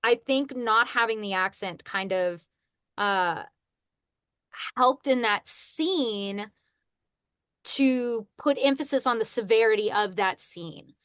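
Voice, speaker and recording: A woman's voice: on the high side, takes it slowly, a bit bright, smooth, no echo, studio quality. A young woman, a voice actress, chatting as a guest on a podcast in a bubbly way and laughing at herself. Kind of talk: casual podcast interview.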